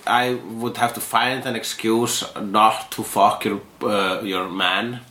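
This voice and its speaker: A man co-hosting a casual comedy podcast, trading deadpan jokes. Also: on the low side, slow pace. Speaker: podcast co-host. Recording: echoey room.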